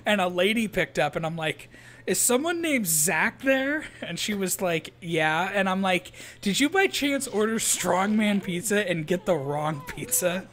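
A man's voice: high-pitched, moderate pace, few pauses, fairly bright tone. A young man rambling through a casual story, profane and breaking into laughter between lines. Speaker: co-host of a gaming channel. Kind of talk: casual storytelling during a playthrough.

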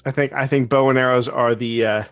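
A man's voice: medium pitch, fairly even intonation, brisk, no echo, faint music behind. A man playing in a tabletop game, casual and joking, often laughing. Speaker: player.

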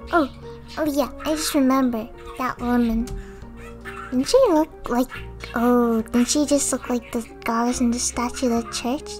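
A woman's voice: a little high, fairly even intonation, unhurried, darkish tone, faint music behind. A woman streaming a video game, chatting, thanking viewers and reading game text aloud. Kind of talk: casual gameplay commentary.

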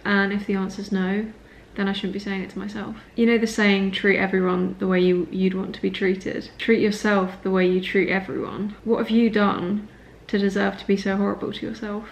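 A woman's voice: mid-range voice, little pitch movement, brisk, vocal fry, hardly any pauses. Earnest young woman vlogging at home. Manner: earnest, self-encouraging. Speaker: recovery vlogger. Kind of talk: personal vlog talk. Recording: echoey room with faint noise.

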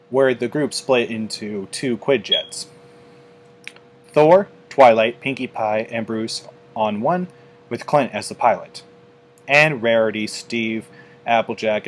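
Slow-reading man narrating a storybook. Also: lowish voice. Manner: unhurried reading with small slips. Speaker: storybook reader.

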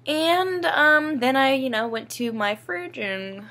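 A woman's voice: high voice, lively intonation, slow, pushed and bright. A young woman vlogging in a casual, rambling, emotional way, swearing freely. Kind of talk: casual personal vlog.

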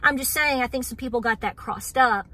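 A woman's voice: a little high, brisk, pushed and bright, dry recording. A middle-aged woman with an East Tennessee accent, hosting a homestead vlog and talking earnestly and wound up to her viewers, dropping in y'all. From Southern Appalachia. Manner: earnest and wound up, repeats "so here's the deal", says y'all. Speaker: homestead channel host. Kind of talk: casual vlog talk to viewers.

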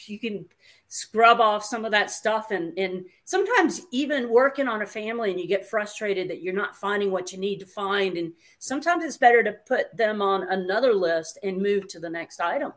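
A woman's voice: mid-range voice, expressive, normal speed, fairly bright tone. A woman hosting a casual livestream chat, reading viewer comments aloud in a chatty, playful way.

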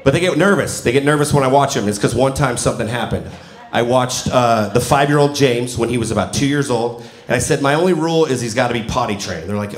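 A man's voice: mid-range voice, fast talker. Man in his forties doing stand-up. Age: 40s. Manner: animated storytelling, acting out quotes. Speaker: stand-up comedian. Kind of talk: stand-up comedy set. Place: comedy venue with a laughing audience. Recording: roomy live venue with audience noise.

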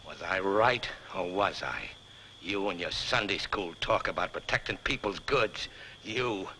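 A man's voice: sits low, unhurried, pushed and bright, a little hiss or hum, low-quality recording. An actor playing a tough man who goads a rival into a fight. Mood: taunting. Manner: taunting, goading.

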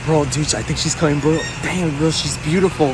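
A young man performing goofy comedy skits, excitable, often yelping and shouting between laughs. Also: on the high side, a little fast, very noisy. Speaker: comedy skit creator.

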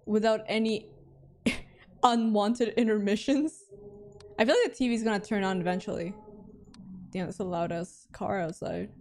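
While streaming a horror game, a medium-pitched woman with a slightly mellow voice chats with her viewers. Her live commentary is full of jumpy, dramatic reactions and frequent laughter.

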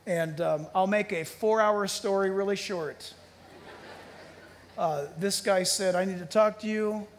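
A male pastor preaching a sermon, animated and emphatic, with sudden loud peaks and hushed storytelling. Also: sits high, a little slow, a little hiss or hum. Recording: long church hall reverb.

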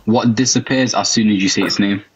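A man's voice: fairly low pitch, steady tone, brisk, dull audio, slight background noise. A young British man on a live stream, teasing and setting riddles, then patiently explaining them. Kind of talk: casual chat.

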